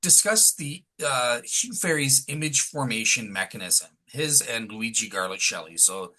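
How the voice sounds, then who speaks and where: Male podcast host, very bright, tense voice, easygoing, casual. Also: mid-range voice, measured pace, low-quality recording. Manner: relaxed, casual fillers like "all right, cool".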